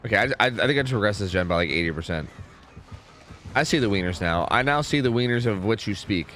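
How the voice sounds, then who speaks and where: A man's voice: lowish voice, animated, fast talker, a bit bright. A man streaming a video game, giving casual commentary with exasperated, joking, rambling asides to his chat.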